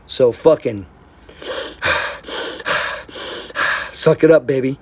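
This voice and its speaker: Gravelly-voiced blunt rambling man. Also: mid-range voice, slow pace, pauses often, darkish tone. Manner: affectionate, heartfelt. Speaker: vlogger. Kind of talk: casual monologue to camera.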